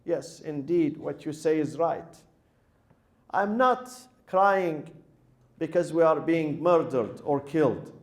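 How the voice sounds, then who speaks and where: High-voiced man preaching a mourning sermon. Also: slow pace. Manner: emotional, breaks into chanted Arabic.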